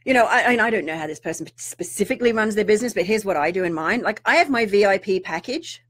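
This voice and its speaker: A middle-aged woman, a spiritual teacher talking to viewers in an animated, ranting way with mock-outraged asides. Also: mid-range voice, fast talker. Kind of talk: live-streamed rant to viewers.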